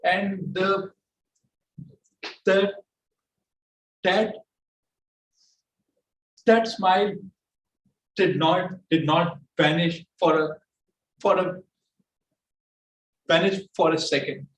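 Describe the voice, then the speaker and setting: A man with a Pakistani English accent evaluating a speech at a club meeting, halting and repeating his words often. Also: high voice, fairly even intonation. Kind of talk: giving spoken feedback at a club meeting. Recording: echoey room from far off, faint noise.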